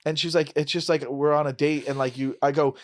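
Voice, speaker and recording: A man hosting a podcast, chatting casually and telling stories in quick bursts full of fillers. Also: on the high side. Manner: animated, quick storytelling with fillers. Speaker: podcast host. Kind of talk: casual chat.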